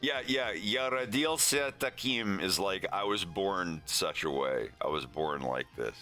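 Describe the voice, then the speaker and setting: A man's voice: sits low, expressive, a little slow, sharp tone, soft background music. A man hosting a casual livestream, chatting in a rambling way with frequent laughs. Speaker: animator and show host.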